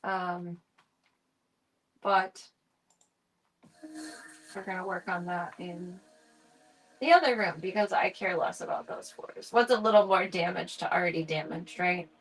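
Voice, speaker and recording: A woman's voice: on the low side, unhurried, long pauses. A woman streaming casual chat, narrating chores and talking baby-talk to her cats.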